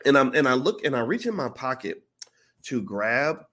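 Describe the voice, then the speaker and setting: At a normal speed and medium pitch, this vlogger spins a casual tale. He's animated throughout and voices the different people in the story.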